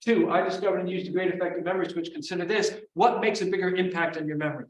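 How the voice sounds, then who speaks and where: A man teaching a memory technique at a live seminar, energetic, quizzing the audience in call-and-response. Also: high-pitched, very fast. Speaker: memory trainer. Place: large room before a live audience. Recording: echoey room, voice from far off.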